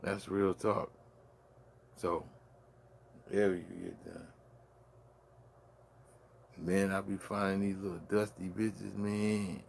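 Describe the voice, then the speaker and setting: A man's voice: low voice, level tone, slow, creaky, long pauses, a little mellow, slight background noise. A man with a Brooklyn accent hosting a late-night solo rant from his man cave, full of boastful, profane trash talk. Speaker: host.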